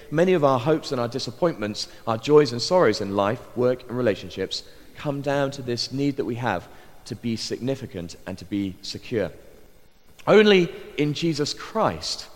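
Earnest vicar in a reverberant church. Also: male voice, medium pitch. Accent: posh southern English. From Bristol, England. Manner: earnest, measured and reflective. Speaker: vicar and pastor. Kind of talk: personal testimony sermon.

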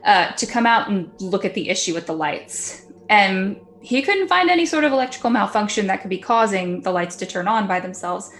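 Woman podcaster narrating a creepy tale in a relaxed, chatty way, mid-pitched voice over a faint hiss of background noise. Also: a little fast, few pauses. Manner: chatty, laughs often, acts out quotes. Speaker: podcast storyteller. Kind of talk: casual storytelling.

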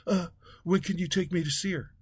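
A man's voice: high voice, husky, dry recording. A man voicing a dazed husband at a hospital who stammers through every sentence without taking anything in. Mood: oblivious. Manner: stammering, halting, oblivious.

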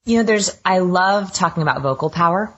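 A woman's voice: lowish voice, lively intonation, fairly quick, dull audio. A woman guest on a podcast interview, explaining research with eager enthusiasm. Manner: enthusiastic, self-described science geek. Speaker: guest expert.

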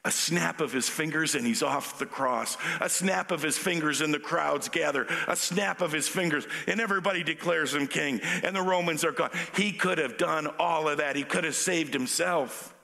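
A male pastor preaching a sermon in an animated, conversational way. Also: on the high side, vocal fry.

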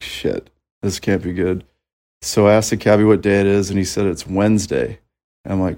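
A man with a very low voice recounts a story as a listener, sending it in as a voice message. He keeps it wry and matter-of-fact. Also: moderate pace, darkish tone. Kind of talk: voice-message anecdote.

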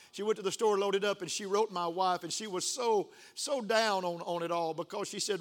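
An older male pastor preaching a sermon, emotional and building to excited outbursts. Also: high voice, fairly quick, few pauses.

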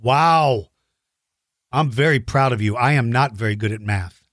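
A woman's voice: a bass voice, a little slow, no echo, studio quality. A woman hosting a playful chat with a child over a video call, joking and teasing with silly sound effects. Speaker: host.

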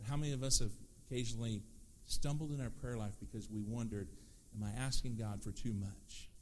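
A man preaching a sermon as pastor, lively and conversational, acting out prayers and quoted voices. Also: mid-range voice, fairly quick, slight background noise.

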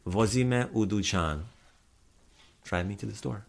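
Podcast host, male, fairly low voice, casual patient vocabulary drills. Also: a little slow, vocal fry. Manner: patient, repeats words for the listener to echo. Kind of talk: casual language lesson.

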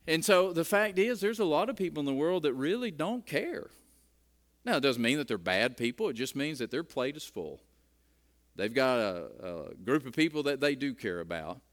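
A middle-aged man preaching a sermon in a conversational way, often repeating words as he starts a phrase. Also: medium pitch. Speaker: pastor.

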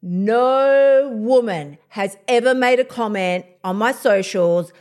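A woman's voice: mid-range voice, slow pace, darkish tone. A woman hosting a motivational podcast, blunt and fired up, swearing freely as she talks about her routine. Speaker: podcast host.

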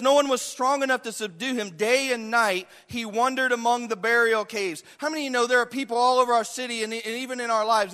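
A man's voice: high voice, sharp tone, big-room sound. A male pastor preaching a sermon with passion, acting out the voices of the people in the story.

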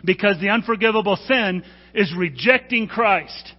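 A man's voice: sits high, expressive, unhurried. A man preaching a sermon as pastor, earnest and urging, who sometimes stumbles and corrects himself. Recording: dull sound with long hall reverb.

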